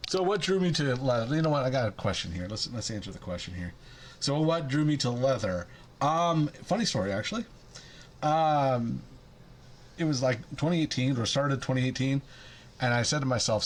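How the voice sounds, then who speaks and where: A man's voice: medium pitch, expressive, moderate pace, slight background noise. A man chatting casually in a rambling, jokey, self-deprecating way about his leatherworking hobby. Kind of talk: casual chat.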